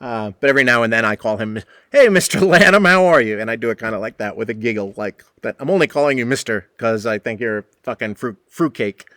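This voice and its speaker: A man's voice: lowish voice, fairly even intonation, fast, few pauses, bright, forceful tone, dry recording. A man hosting a podcast who tells a rambling, profane story from behind the bar and acts out the people in it. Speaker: podcast host and bartender. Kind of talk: casual storytelling monologue.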